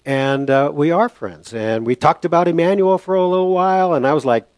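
An older man preaching a sermon through a personal story and prayer, halting and reflective, with many fillers and restarts. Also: mid-range voice, darkish tone, no echo.

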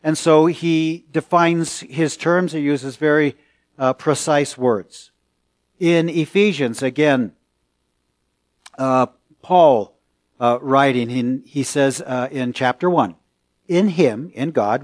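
A male pastor delivers a sermon in a slightly higher-than-usual voice. He speaks slowly and deliberately, pausing between phrases and building emphasis. The sound is close and dry, with no room echo. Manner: slow, deliberate preaching with pauses and rising emphasis.

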